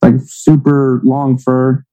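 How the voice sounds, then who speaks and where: Man, podcast co-host, casual sports chat, teasing, rambling, warm tone. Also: mid-range voice, completely flat delivery, takes it slowly, faint music behind, rough recording.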